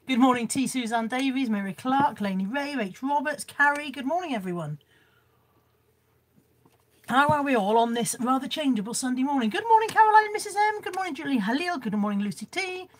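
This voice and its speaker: A hoarse, froggy-voiced woman hosting a casual live stream, chatty and self-mocking as she greets viewers by name. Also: high-pitched, lively intonation, fairly quick. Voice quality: husky, slightly froggy voice. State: hoarse from a cold. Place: indoors at home.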